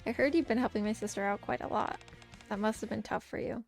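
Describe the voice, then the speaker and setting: A woman's voice: fairly high pitch, quick pace, gravelly, soft background music. A woman reading as a sly, formal researcher. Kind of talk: reading game dialogue aloud.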